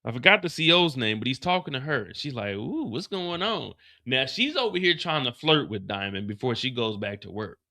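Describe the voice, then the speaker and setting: Male host for a casual recap stream, animated and cussing freely, bright forceful voice. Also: mid-range voice, a little fast, hardly any pauses. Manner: animated, profane, slangy. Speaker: livestream host.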